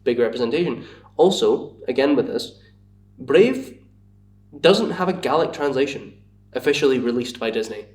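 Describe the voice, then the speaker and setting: A young Scottish man talks at an ordinary pitch in a loose, rambling way, padding his sentences with "like" and poking fun at himself. He sounds a bit far from the mic, and the room rings with echo. It is casual podcast chat. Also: lively intonation, moderate pace, long pauses, darkish tone. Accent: Scottish, Glasgow area. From Scotland. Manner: rambling, lots of "like", self-mocking. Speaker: podcast guest, bar worker.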